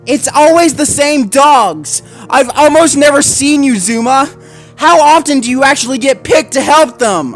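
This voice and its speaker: A lonely, anxious young female husky pup, voiced by a man, pitched far above his own voice. She pleads gently and sounds unsure of herself. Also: a little slow, soft background music. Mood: worried, pleading. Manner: pleading, then panicked and crying.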